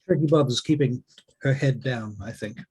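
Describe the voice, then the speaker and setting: A man narrating as dungeon master, relaxed and often pausing with ums. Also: medium pitch, slightly rough. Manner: relaxed, hesitant with many ums. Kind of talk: narrating a tabletop game.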